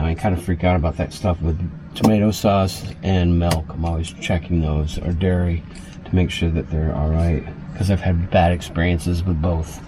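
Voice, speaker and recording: A man's voice: deep voice, mellow, slight background noise, low-quality recording. A man chatting loosely through a casual cooking vlog inside his small RV, full of fillers and asides.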